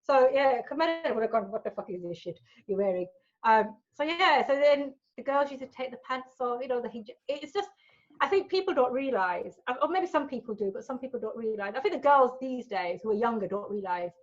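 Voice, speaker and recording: A woman in her forties, family from Gujarat, India, speaks briskly in a slightly high voice. As a guest in a casual interview, she tells blunt, animated stories and acts out the quotes. The recording is dull and lo-fi.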